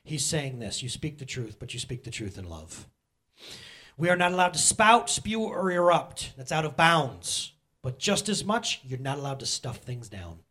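Husky, lively male pastor preaching. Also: mid-range voice, normal speed. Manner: joking, animated, talks straight to the congregation. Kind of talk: casual conversational sermon.

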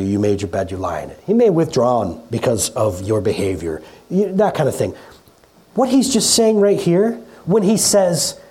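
A middle-aged pastor preaching in a relaxed, conversational way in a church, often repeating words and laughing at themself. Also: medium pitch. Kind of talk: conversational sermon. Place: church hall.

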